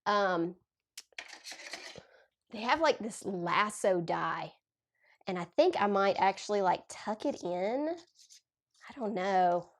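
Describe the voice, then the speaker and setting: A woman's voice: mid-range voice, lively intonation, slow, long pauses. Southern Tennessee woman, forties, with a cold, hosting a crafting livestream, gushy and chatty, reads out comments. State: has a cold. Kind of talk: casual livestream chat while demonstrating card making.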